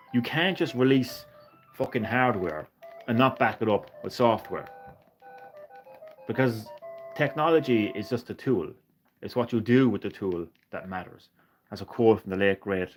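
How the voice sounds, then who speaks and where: A man streaming a retro game, chatting with viewers in a sweary, ranting way. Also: on the low side. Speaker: gaming streamer. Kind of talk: casual live-stream chat.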